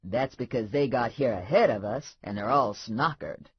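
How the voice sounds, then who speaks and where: A woman voicing a brash, loud-mouthed sidekick woman in an audiobook, all scolding and sass. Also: a bass voice, normal speed, slightly rough, no room sound, heavily acted. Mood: amused. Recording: dull lo-fi dry audiobook recording.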